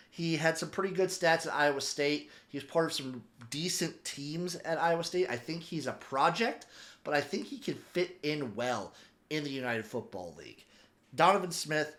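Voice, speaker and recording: A man giving casual, opinionated sports commentary as a podcaster, rambling with animated asides. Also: fairly high pitch, moderate pace. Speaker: football podcaster.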